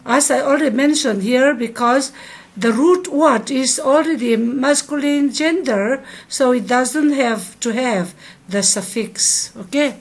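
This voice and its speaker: Slow, patient woman teaching verb forms. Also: a little high, gravelly. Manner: slow, repeats each verb form for students to echo. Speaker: Hebrew teacher. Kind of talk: recorded grammar lesson.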